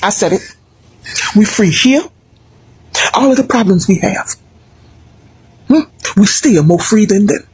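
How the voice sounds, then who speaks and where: An American woman giving animated, emphatic opinion commentary to her viewers, with mocking asides. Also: medium pitch, measured pace, pauses often, slight background noise. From United States. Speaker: video commentator.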